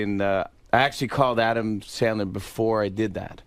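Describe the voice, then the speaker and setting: Chatty man slipping into loud impressions. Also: lowish voice, a little fast. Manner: breaks into loud impressions and laughs. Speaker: comedian guest. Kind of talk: casual talk-show chat.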